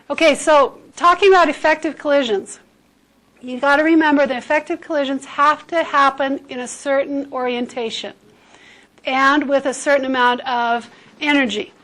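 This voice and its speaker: High-voiced woman teaching chemistry class. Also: moderate pace, fairly bright tone, low-quality recording. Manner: explains with everyday comparisons, checks in with "okay?". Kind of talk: classroom lecture.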